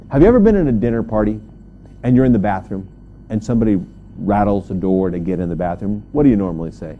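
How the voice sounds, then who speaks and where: Lively, animated male keynote speaker. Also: quick pace, lo-fi sound, slight background noise. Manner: animated storyteller, jumps high on punchlines. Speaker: motivational speaker. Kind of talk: humorous keynote talk.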